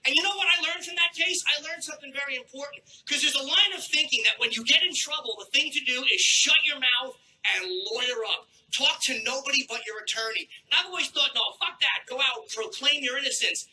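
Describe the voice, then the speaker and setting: A man doing a crude, sardonic stand-up set on a stage with a handheld mic, clearing a troubled throat now and then. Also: very high voice, brisk, few pauses, sharp tone, low-quality recording. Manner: crude, brash and sardonic, with acted-out asides. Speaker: stand-up comedian. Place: comedy club stage.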